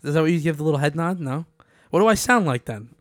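A young man with a New York accent hosting a podcast in animated, casual chat. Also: a little high, fast talker, no room sound, clean studio sound. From Long Island, New York. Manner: animated, chatty, trails off and restarts. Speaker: podcast host.

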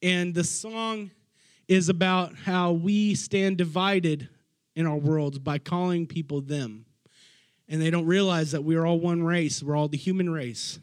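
A male preacher tells Bible stories in a loose, conversational sermon. He is enthusiastic and slangy, often restarting his sentences. His voice sits fairly high for a man. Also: fairly even intonation, a little slow, clean tone. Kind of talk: casual storytelling sermon.

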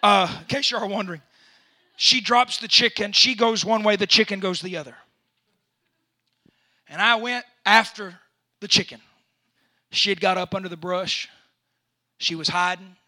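A man, a pastor telling a story in a sermon that builds into loud preaching. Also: sits high, normal speed, pauses often.

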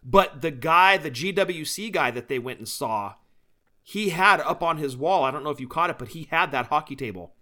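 Chatty co-host, male, bright and eager, upbeat casual podcast talk. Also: fairly high pitch, animated, normal speed. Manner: enthusiastic, chatty, laughs often. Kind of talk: casual chat.

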